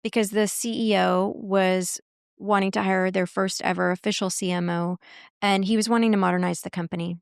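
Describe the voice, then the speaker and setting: A woman guest in a podcast interview, telling workplace stories in an animated way and acting out quoted dialogue. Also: mid-range voice, normal speed, gravelly, clean tone, no room sound, clean studio sound. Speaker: guest, marketing executive and coach.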